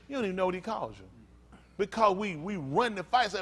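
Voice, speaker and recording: High-voiced man preaching with animation. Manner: animated, acts out quoted voices; reads aloud haltingly. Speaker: pastor. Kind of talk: preaching a teaching sermon.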